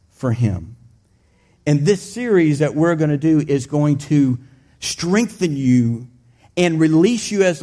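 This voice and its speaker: A pastor telling a personal story in his sermon, animated and conversational, his voice climbing high when the story gets exciting. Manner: plain, conversational preaching with restarts.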